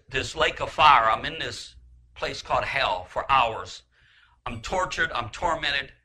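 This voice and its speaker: A man giving an emotional sermon testimony, impassioned and repetitive, rising to shouts. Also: a little high, slight background noise, low-quality recording.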